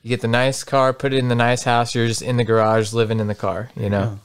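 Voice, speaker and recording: A man co-hosting a podcast, joking around with friends and quick to laugh. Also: mid-range voice, little pitch movement, clear, resonant tone. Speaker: podcast co-host. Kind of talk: casual chat.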